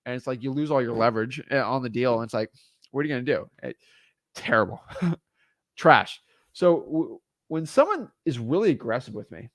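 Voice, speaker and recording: A man who lives in Florida teaching real estate wholesaling in a blunt, energetic, casual way, repeating himself often. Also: medium pitch, dry recording, clean studio sound.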